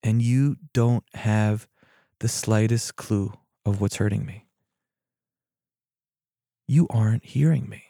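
A man telling a story as a wounded peasant friend speaking quietly and reproachfully. The voice is gravelly, with middling pitch, and it is recorded close and dry. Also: slow pace, long pauses, no room sound. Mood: sorrowful.

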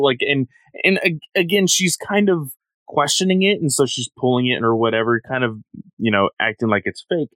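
Man, co-host, mid-pitched, easygoing rambling recap, dry close sound. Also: normal speed, fairly bright tone, dry recording. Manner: rambling, many "like" fillers. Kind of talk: casual chat recapping a comic.

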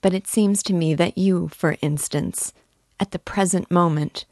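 A woman reading the lines of a timid, earnest young girl who speaks softly and hesitantly. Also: fairly low pitch, fairly even intonation, unhurried, no room sound, clean studio sound. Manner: soft, hesitant, heartfelt.

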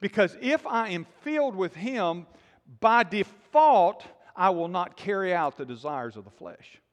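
High-pitched guy preaching, pushes hard then goes quiet, asks the room stuff, echoey church. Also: animated, moderate pace. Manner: emphatic preaching, drops to quiet intensity, asks congregation questions. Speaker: pastor. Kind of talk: sermon.

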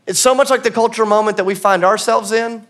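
A man's voice: high-pitched, steady tone, quick pace, a bit bright. A man giving a church sermon in a conversational, earnest way, sometimes laughing at himself. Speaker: pastor. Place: church auditorium.

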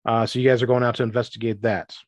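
Casting: male game master, mid pitch, loose rambling narration, dry close sound. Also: little pitch movement, no room sound. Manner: rambling, restarts often, voices townsfolk in quick asides.

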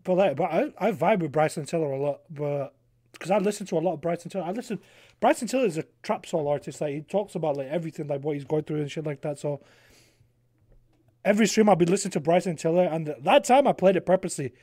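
A young man hosting a podcast, telling stories in a lively, animated way, acting out what people said and laughing often. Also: a little high, quick pace, no room sound, studio quality. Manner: animated storytelling, acting out quotes, laughs a lot. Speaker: podcast host and streamer. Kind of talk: casual chat.

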